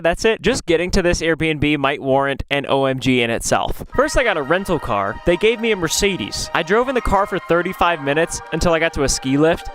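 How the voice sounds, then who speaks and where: Upbeat male vlogger, a touch high-pitched, joking at his own expense, over clear music. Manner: upbeat, wry and self-mocking. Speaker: travel vlogger. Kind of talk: casual vlog narration. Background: background music.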